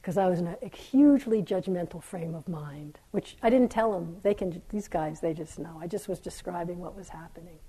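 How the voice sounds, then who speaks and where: A woman teacher speaks gently and reflectively in a dharma talk, her tone mellow and dark. Her voice is a little breathy and husky, and at times it sinks to a soft near-whisper. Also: fairly low pitch, a little fast, few pauses, rough recording. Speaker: meditation teacher. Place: meditation hall.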